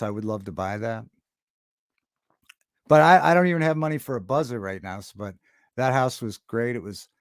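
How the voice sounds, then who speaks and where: A man chats loosely on his own livestream. He starts sentences over and drifts between topics. His voice sits at a middle pitch and sounds close and dry, with no room around it. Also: dry recording. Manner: rambling, halting, with many restarts and chat shout-outs. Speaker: livestream host. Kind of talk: casual livestream chat with viewers.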